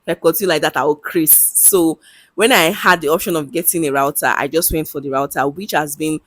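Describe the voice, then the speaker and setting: A woman's voice: low-pitched, a little fast, no echo. A young woman with a Nigerian English accent, talking candidly to camera in a casual vlog, chatty and laughing easily. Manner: chatty and candid, with bursts of laughter and local slang. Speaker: vlogger.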